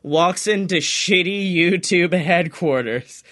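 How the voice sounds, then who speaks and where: A young man with a high, bright, ringing voice riffs through a comedic podcast chat. He rambles and swears freely, dropping into little acted-out voices as he spins out a silly story. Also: slow pace. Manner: rambling, swears a lot, acts out voices in quotes. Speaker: podcast co-host.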